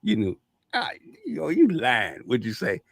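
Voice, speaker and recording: A man's voice: a little high, wildly swooping pitch, measured pace, gravelly, dry recording, clean studio sound. Laughing folksy middle-aged man. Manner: laughing, folksy, repeats himself. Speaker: co-host. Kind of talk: casual chat.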